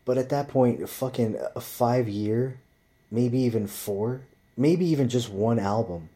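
A man's voice: mid-range voice, unhurried, mellow. A man telling rambling stories in casual chat, swearing constantly as he talks. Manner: profane, rambling storyteller.

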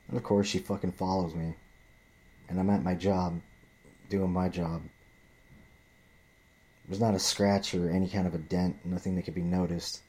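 A man's voice: sits low, mellow. A man ranting in a profane, rambling monologue, often restarting and repeating himself.

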